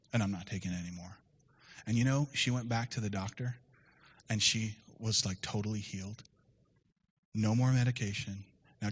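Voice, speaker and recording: Bright-voiced male pastor preaching. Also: mid-range voice. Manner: storytelling, lively and conversational with laughs and sudden shouts. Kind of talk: sermon. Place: church service room.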